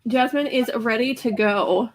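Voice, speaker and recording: A woman's voice: on the high side, measured pace, background noise. An American woman in a casual video call chat, wry and self-mocking.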